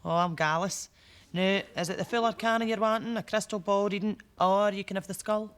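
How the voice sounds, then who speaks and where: An actress playing a theatrical old fortune teller with a Scottish accent, in a comedy sketch. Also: female voice, mid-range voice, fairly even intonation, close to an everyday voice. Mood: mysterious. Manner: slow, portentous, showy.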